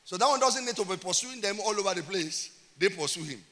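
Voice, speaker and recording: A man preaches with emphatic energy and keeps calling out questions to his congregation. His voice sits high and rings bright. The sound carries the long reverb of a church hall. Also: animated, fast. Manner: emphatic preaching with call-and-response. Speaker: pastor. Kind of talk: sermon.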